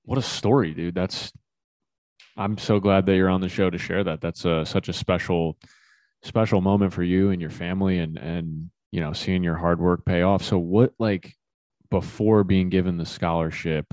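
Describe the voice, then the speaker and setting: Deep-voiced male podcast host. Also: fairly even intonation, normal speed, darkish tone, dry recording. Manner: asks long, winding questions. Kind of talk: casual interview chat.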